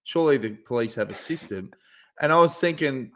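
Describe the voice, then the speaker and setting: A man's voice: medium pitch, animated, brisk, a bit bright. New man, chatty podcast host. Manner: laughing, storytelling banter. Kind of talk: casual chat.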